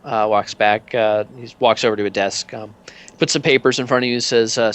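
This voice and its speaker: A man's voice: medium pitch, steady tone, fairly quick, fairly bright tone, smooth. A man narrating as game master in a tabletop game, in a loose, filler-heavy way.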